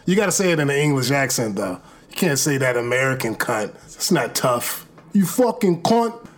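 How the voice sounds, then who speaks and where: A man's voice: mid-range voice, lively intonation, fairly quick, a bit bright. Teasing, goofy male podcast co-host. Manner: teasing, goofy, playing along. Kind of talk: casual comedy banter.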